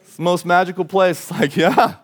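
A man's voice: sits high, brisk. Earnest conversational male pastor preaching. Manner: conversational, earnest, animated storytelling. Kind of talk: sermon. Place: church service.

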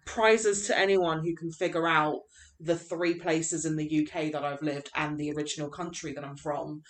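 A woman's voice: low voice, fairly even intonation, moderate pace. A woman with a London English accent co-hosting a podcast in casual chat, chatty, with many fillers. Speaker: podcast co-host.

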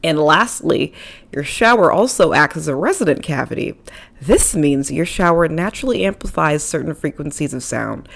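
A woman's voice: sits low, animated, moderate pace, vocal fry. A young woman hosting her own podcast, talking casually into a microphone with playful, self-deprecating asides. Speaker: podcast host. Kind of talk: casual solo podcast talk. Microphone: studio microphone.

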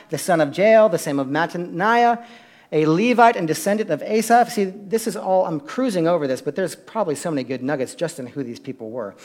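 A man with a high voice preaches to his church. His delivery swings between hushed, conversational asides and loud, emphatic climaxes, often tossing questions out to the listeners. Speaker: pastor. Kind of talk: sermon.

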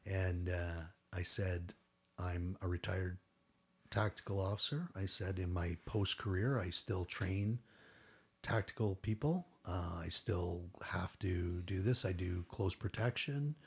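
A man's voice: deep voice, slow pace, vocal fry, breathy edge. A middle-aged man telling a long story as a podcast guest, rambling and acting out what others said, with casual swearing.

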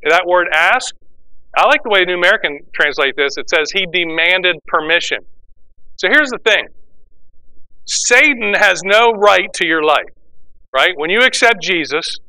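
A pastor preaching a sermon, explaining scripture and acting out the voices of the people in it. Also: male voice, high voice, clean tone, rough recording. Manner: animated preaching, acts out quoted voices.

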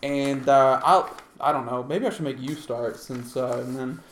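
A man's voice: medium pitch, normal speed, a little hiss or hum. Rambling, foul-mouthed man in an echoey room. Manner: rambling, profane, jokey. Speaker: podcast host. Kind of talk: casual chat.

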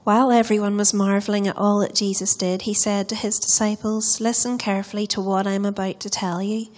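A woman reads a Bible passage aloud during a church service. Her delivery is steady and even, with very little rise and fall in pitch. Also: brisk. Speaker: scripture reader. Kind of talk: reading scripture aloud.

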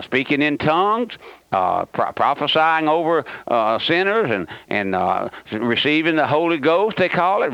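A man's voice: on the high side, a bit bright, dry recording. A man preaching a radio sermon as pastor, fervently and repeatedly questioning his listeners. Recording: dull lo-fi dry radio broadcast.

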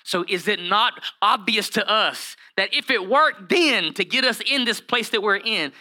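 A man pastor preaching a lively sermon, acting out Bible characters in comic voices and calling out to his listeners. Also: high voice. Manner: animated, acts out Bible characters in funny voices, calls to the congregation by name.

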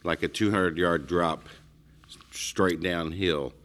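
Man, extremely low voice, middle-aged, rambling anecdotes, casual chat. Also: fairly even intonation, takes it slowly, a bit bright. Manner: rambling, storytelling, frequent restarts. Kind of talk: casual conversation.

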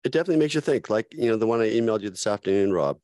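Deep voiced guy on a podcast call, playful, lively pitch, dry sound. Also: rapid-fire, no echo. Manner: playful, laughing easily. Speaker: podcast co-host. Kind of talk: casual chat.

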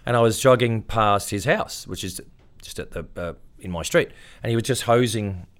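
A man's voice: fairly low pitch, normal speed. A middle-aged Australian man, an interview guest, casually telling stories and acting out the voices of people he quotes. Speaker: interview guest, tribute performer.

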